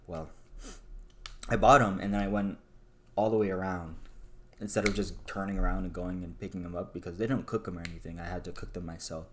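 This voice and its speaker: Deep-voiced young man rambling confessionally. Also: steady tone, fairly quick, a little hiss or hum. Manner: rambling, self-deprecating, swears casually. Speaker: vlogger. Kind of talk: casual confessional monologue.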